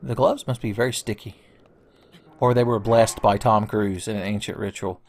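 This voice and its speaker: A man's voice: lowish voice, steady tone, moderate pace, darkish tone. Joking, profane young male gamer. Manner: joking, profane, rambling, with silly voices. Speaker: let's play commentator. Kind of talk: casual gameplay commentary.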